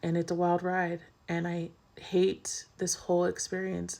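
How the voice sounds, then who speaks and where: Gravelly, low-voiced woman telling her story. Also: completely flat delivery, unhurried, hardly any pauses, warm tone. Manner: casual, chatty, sprinkled with "like". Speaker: vlogger. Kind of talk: candid personal storytelling.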